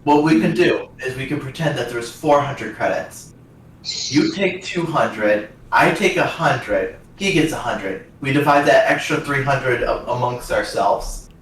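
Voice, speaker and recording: A man's voice: medium pitch, measured pace, a bit bright. A man playing a tabletop game, plotting schemes hesitantly with many fillers. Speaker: player. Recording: very echoey room, far from mic, faint noise.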